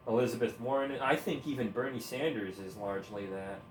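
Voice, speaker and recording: A man's voice: medium pitch, fairly quick, slight background noise. A man ranting in heated, profane, sarcastic commentary while gaming, with bursts of laughter. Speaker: gaming streamer. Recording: roomy echo, faint ambience.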